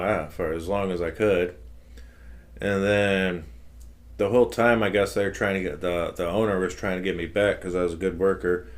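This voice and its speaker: A very deep-voiced man tells a story loosely and profanely, drawling through it. His talk is casual podcast chat, unhurried and blunt. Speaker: podcast co-host.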